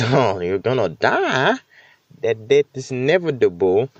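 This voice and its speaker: A man's voice: mid-range voice, big pitch swings, unhurried, slightly rough, dry recording, dull audio. A man hosting a casual solo podcast, rambling and self-deprecating, with many fillers, restarts and casual swearing. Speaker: podcast host.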